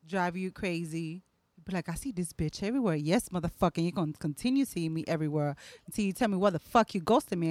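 A woman co-hosting a podcast in casual chat, loud and profane, laughing and acting out voices. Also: medium pitch, no room sound. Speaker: podcast co-host.

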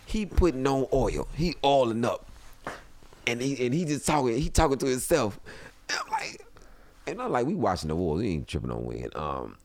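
A man's voice: medium pitch, no room sound. A man telling a long comic story as a podcast guest, acting out other people's lines and dropping into whispers. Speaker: guest comedian. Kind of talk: animated storytelling. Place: home podcast room. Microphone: studio mic.

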